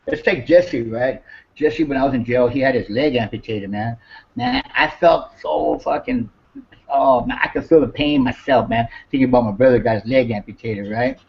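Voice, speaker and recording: A man's voice: medium pitch, lively intonation, normal speed. A man, chatting casually, rambling and swearing, repeating himself as he talks. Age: 50s. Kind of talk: casual chat. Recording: dull lo-fi recording.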